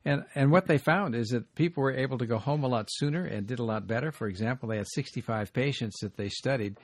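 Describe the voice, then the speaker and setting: A man, a doctor, hosting a radio health talk show, explaining in a brisk way with asides. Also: mid-range voice, no room sound.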